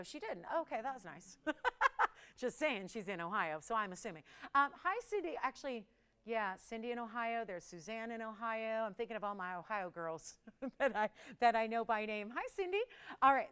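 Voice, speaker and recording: A woman's voice: fairly high pitch, a bit bright, clear, resonant tone. A woman hosting a live on-air jewelry shopping show, chatty and playful, laughing often and teasing the crew. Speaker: shopping channel host.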